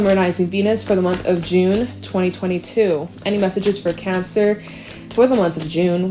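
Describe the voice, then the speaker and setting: A woman with a mid-range voice talks through a tarot reading in a loose, chatty way, encouraging and now and then swearing. Faint music plays softly behind her. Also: mid-range voice. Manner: chatty and encouraging, acts out worried inner voices, swears casually. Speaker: tarot reader.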